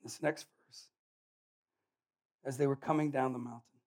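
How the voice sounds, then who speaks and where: A man preaching a sermon in a casual, animated way, joking and acting out Bible characters. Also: mid-range voice, a little slow.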